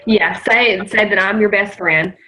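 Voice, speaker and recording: A woman's voice: medium pitch, a little slow, pushed and bright, a little hiss or hum. A woman hosting a casual interview, probing and asking for concrete examples. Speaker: host. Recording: dull lo-fi audio.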